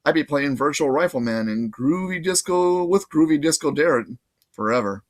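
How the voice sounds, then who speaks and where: A man reading a novel aloud in casual, lively first-person narration. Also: on the high side, moderate pace. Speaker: audiobook reader.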